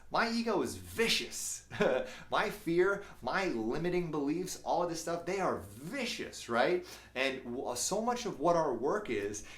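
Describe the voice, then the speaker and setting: A man talking as a life coach in a motivational livestream, animated, often laughing at himself and swearing casually. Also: fairly high pitch, roomy sound.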